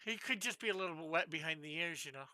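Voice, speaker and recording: A woman's voice: sits low, fast talker, bright, forceful tone, slight background noise. A woman hosting a live drawing stream, chatting in a meandering, giggly way. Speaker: stream host and comic artist. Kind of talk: casual live-stream chat.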